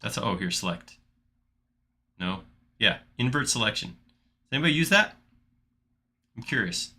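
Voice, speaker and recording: A man with a low, very bright and forceful voice hosts a live modeling tutorial. He chats casually and thinks out loud, restarting his sentences as he clicks through the work. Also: lively intonation, unhurried. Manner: chatty, thinks aloud with restarts while clicking. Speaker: livestream host modeling in software.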